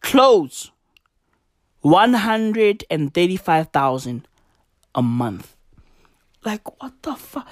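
Young woman yelling a silly rant, swears nonstop, wild ups and downs, slow and dry. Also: fairly low pitch, very animated, no echo. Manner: loud, manic, swears a lot, slangy; repeats catchphrase, swings between shouting and mutters. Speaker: comedic vlogger. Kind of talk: comedic rant.

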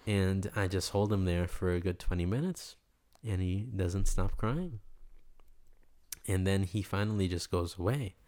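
Young guy from new york, lowish voice, animated storyteller in a chatty interview. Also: unhurried. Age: young adult. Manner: animated, acts out the people he quotes. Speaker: interview guest.

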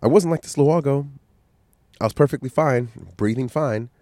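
A man's voice: medium pitch, quick pace, warm tone, no room sound, studio quality. A man with a stuffy, coughing cold, hosting a casual solo podcast and giving blunt, profane motivational talk. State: sick, coughing, stuffy nose. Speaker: podcast host.

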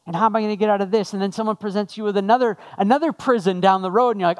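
A man's voice: sits high, fairly even intonation, rapid-fire. A man preaching a sermon as a pastor, talking conversationally and putting questions to the congregation.

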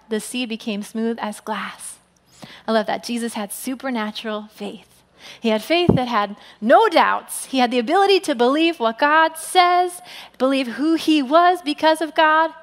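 Woman pastor, sermon, high voice, animated delivery, long hall reverb. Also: normal speed. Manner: animated, voices quoted people with big pitch jumps.

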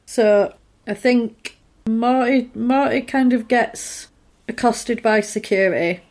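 A woman's voice: fairly high pitch, slow. Chatty woman retelling a film. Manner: animated retelling, acting out the characters' lines. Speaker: podcast co-host recapping a film. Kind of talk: casual chat.

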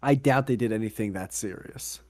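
A man co-hosting a casual podcast, excitable and laughing often, swearing freely. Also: lowish voice, normal speed. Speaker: podcast co-host. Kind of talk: casual chat.

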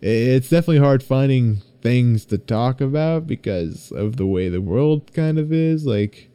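A man's voice: medium pitch, lively intonation, normal speed, warm tone, clear, resonant tone, no echo. A young man hosting a casual solo gaming podcast, rambling, swearing freely and getting worked up as he vents. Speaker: podcast host and streamer.

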